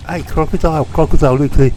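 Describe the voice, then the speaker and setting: A man's voice: on the high side, fairly even intonation, fast, dark tone, slight background noise, pitched above the performer's own voice, lightly acted, rough recording. A man voicing a cheeky taunting character in a mock Birmingham accent, goading a crocodile in a video game.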